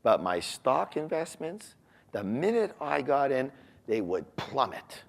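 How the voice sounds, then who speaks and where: A seminar speaker gives an animated motivational talk in a large room, often putting questions to the live audience. His medium-pitched voice is a bit slow and carries vocal fry.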